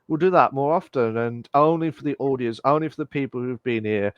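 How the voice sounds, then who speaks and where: A man's voice: mid-range voice, fairly quick, clean tone, dry recording, lo-fi sound. Male co-host, easygoing rambling delivery, dry close-miked sound. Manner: rambling, thanks the chat often. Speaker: podcast co-host. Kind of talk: casual chat.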